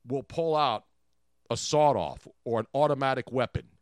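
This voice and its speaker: A middle-aged man hosting a radio show, riffing in casual comedic banter with an animated, rambling delivery. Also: medium pitch, moderate pace, no room sound, studio quality. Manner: animated, joking, rambling riffs.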